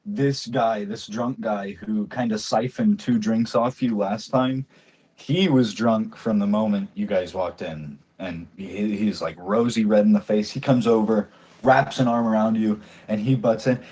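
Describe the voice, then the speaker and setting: A man narrating a tabletop role-playing game as game master, relaxed and full of fillers. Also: on the low side, unhurried, husky.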